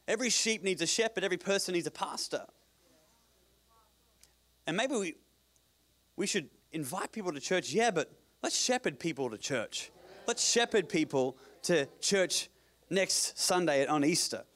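Joking Australian pastor, higher-pitched man. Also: a bit bright. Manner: joking, conversational preaching with quick digressions and repeated words. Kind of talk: sermon.

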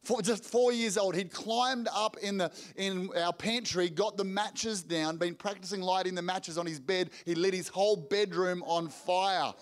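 A middle-aged man preaches to a congregation in a high, bright voice. He tells family stories energetically, stumbles and restarts, and acts out what people said. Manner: energetic storytelling with rapid restarts and acted-out quotes. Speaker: pastor. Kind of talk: sermon storytelling. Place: church hall before a congregation.

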